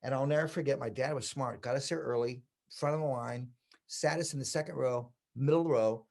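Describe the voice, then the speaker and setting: A man's voice: medium pitch, fairly quick, gravelly. A man in his sixties from the United States, a veteran hairstylist and educator, telling stories in a casual interview and acting out past conversations. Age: 60s. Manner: lively storyteller who acts out past conversations.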